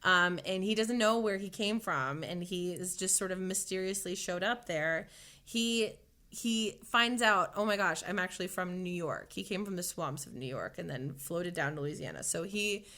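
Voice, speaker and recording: A woman's voice: lowish voice, moderate pace, bright, forceful tone. A woman chatting casually as a guest in a radio studio, rambling with lots of fillers, after singing live. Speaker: singer and guest. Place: radio station studio lounge.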